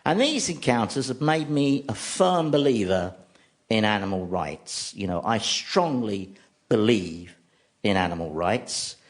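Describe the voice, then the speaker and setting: A man's voice: on the low side, measured pace. Wry man telling comic stories. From London, England. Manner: wry, deadpan comic storytelling. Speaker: comedy host. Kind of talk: stand-up comedy monologue on radio. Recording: recording with steady background noise.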